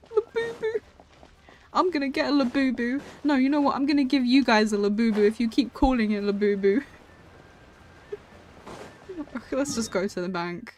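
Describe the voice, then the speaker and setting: A woman's voice: on the high side, a little mellow, slight background noise. A young woman streaming a game, chatting playfully with her viewers. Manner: playful, chatty, talks to viewers with quick laughs. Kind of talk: casual live-stream chat while playing.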